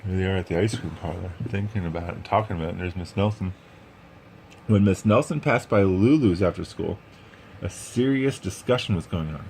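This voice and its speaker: A man's voice: low voice, fairly quick, a little mellow, slight background noise. A man reading a picture book aloud, adding chatty asides about the pictures. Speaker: read-aloud storyteller.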